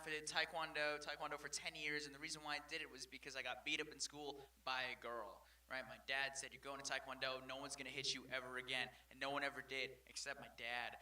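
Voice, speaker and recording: A young man doing a stand-up set, rambling and self-mocking, acting out his stories loudly. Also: a little high, far from the mic. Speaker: stand-up comedian.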